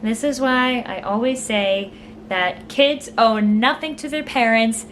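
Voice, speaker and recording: A woman giving casual reaction commentary on a film, animated, exclaiming and laughing as she watches. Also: on the high side, slow, a little hiss or hum. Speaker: movie reaction vlogger. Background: film soundtrack playing.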